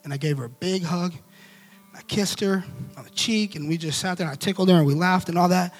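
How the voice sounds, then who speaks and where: High-voiced man telling a story. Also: fairly quick, soft background music. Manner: animated, casual storytelling. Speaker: preacher. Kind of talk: storytelling devotional talk.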